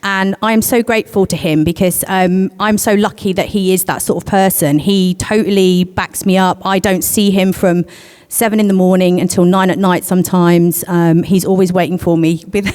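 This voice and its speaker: A woman with a lowish voice shares her own story on a conference panel. She talks candidly and hesitantly, with frequent pauses. Her voice rings with the long reverb of a large hall. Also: steady tone, darkish tone, clean tone. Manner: candid, hesitant with many pauses, gets emotional. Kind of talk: panel discussion, personal story.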